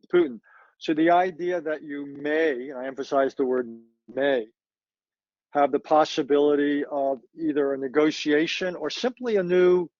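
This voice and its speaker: Older man, expert guest, measured with hesitations, muffled dry audio. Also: medium pitch, a little mellow, no echo. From United States. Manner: measured, thoughtful, frequent hesitations and self-corrections. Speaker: foreign policy expert guest. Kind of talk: conversational policy analysis.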